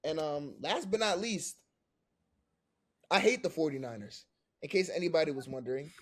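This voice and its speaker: A young man co-hosting a casual sports podcast, giving emphatic opinions and getting louder when he is worked up. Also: normal speed, long pauses. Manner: emphatic, gets loud and high when worked up. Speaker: podcast co-host.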